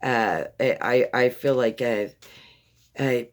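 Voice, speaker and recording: With a bass voice and a slow pace, this woman offers a warm, casual tarot reading. She calls the listener "baby," wanders in her speech, and often repeats words or starts over.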